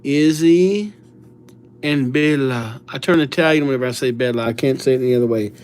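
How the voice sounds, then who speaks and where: A man's voice: mid-range voice, steady tone, quick pace, darkish tone, clean tone. A middle-aged man hosting a livestream, chatting casually and greeting viewers by name with playful nicknames. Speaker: livestream host writing viewers' names.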